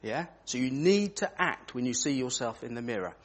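A man's voice: medium pitch, moderate pace. A man leading an interactive children's talk in church, asking the children questions as he goes. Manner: animated, asks children questions.

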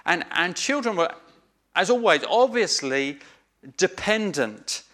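A man gives an earnest sermon, slowly repeating his key phrases for emphasis. His voice sits a little high and sounds bright and clear. He speaks at an unhurried pace, with small restarts along the way. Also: animated. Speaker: preacher.

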